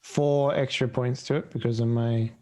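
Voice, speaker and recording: A man's voice: mid-range voice, fairly even intonation, moderate pace, a little mellow. A man as a player in a tabletop game, talking casually and a little hesitantly.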